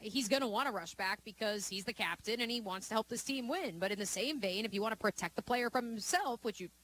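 A woman co-hosting sports talk radio, reeling off stats and analysis in a fluent, steady delivery. A faint hiss sits under her voice. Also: on the high side, fast. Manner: fluent, stat-heavy, analytical.

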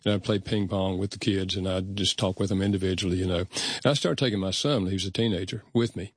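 An older man with a low voice shares stories from his own life, speaking earnestly and at a measured pace. He often slips into remembered dialogue. The recording is dry and close, with no room sound. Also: fairly even intonation, husky, no echo. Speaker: guest author. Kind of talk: reflective storytelling in conversation.

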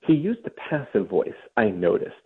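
A man's voice: lowish voice, sing-song, moderate pace, breathy edge. A man from Ohio, a guest author, telling a long story in an interview and often restarting his sentences. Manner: storytelling, with frequent restarts and mocking mimicry. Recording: tinny phone-like remote line.

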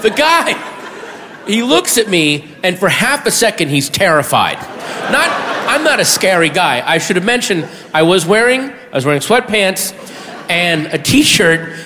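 A man doing stand-up, telling a self-mocking story and shouting his punchlines. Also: high-pitched, background noise. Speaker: stand-up comedian. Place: comedy stage before a live audience. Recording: reverberant hall with audience murmur.

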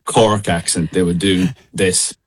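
A man with a middle of Ireland accent, a guest singer chatting casually in a radio interview over a call, relaxed, laughing often and full of fillers and restarts. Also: low voice, a little slow, background noise. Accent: Irish, middle of Ireland. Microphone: call line.

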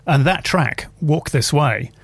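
A man's voice: on the high side, slow, vocal fry, breathy edge, no room sound. A man hosting a radio show, chatting casually and telling long, rambling anecdotes in a studio.

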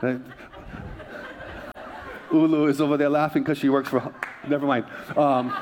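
A man's voice: medium pitch, flat delivery, normal speed, pauses often, noisy background. A male pastor preaching a sermon, mixing humorous stories with repeated phrases and calls to the congregation. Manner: asks the congregation for responses.

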